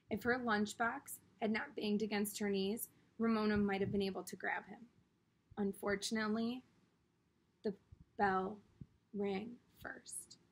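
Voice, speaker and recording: A woman reading a children's book aloud in a steady storytelling manner. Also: mid-range voice, gravelly, breathy edge. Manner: steady storytelling with brief character voices. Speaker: reader.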